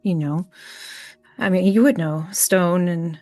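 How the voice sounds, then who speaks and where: Soft-spoken, hesitant woman player. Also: lowish voice, slow, soft background music. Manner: soft, hesitant, full of fillers. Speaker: player in a tabletop role-play. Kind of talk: narrating her character's actions in a tabletop game.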